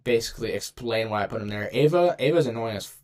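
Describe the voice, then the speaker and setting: A man's voice: mid-range voice, expressive, fast talker, darkish tone. A young man casually ranking game characters in a rambling, slangy commentary, often cutting himself off. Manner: rambling, slangy, self-interrupting. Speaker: gaming video creator. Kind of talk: casual tier-list commentary.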